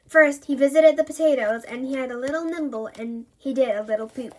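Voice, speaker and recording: Woman, high voice, playful children's book reader. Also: brisk, darkish tone. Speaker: storybook reader. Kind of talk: reading a children's book aloud.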